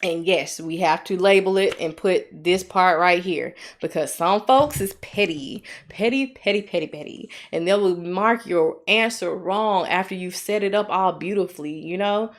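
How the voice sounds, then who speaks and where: A woman with an Alabama accent tutoring nursing students on a live stream, chatty and encouraging, slowing down to walk through each step. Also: lowish voice. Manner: chatty, encouraging, reads viewer comments aloud; slow, deliberate when working steps.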